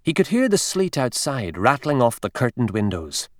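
A man with a medium-pitched voice narrates an audiobook, measured and expressive. The studio sound is clean, with no echo.

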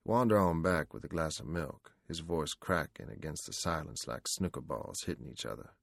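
A man's voice: a bass voice, lively intonation, normal speed, gravelly, dry recording, clean studio sound. A man narrating an audiobook in the first person, in a slangy, vernacular storytelling manner.

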